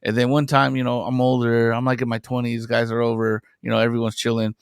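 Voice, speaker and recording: A young man tells stories as a podcast guest, animated and quick to swear. His voice sits at an everyday middle pitch. The sound is dry and close, with little room. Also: gravelly, clean tone, no echo. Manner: animated storyteller, swears freely. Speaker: comic book creator guest. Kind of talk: casual chat.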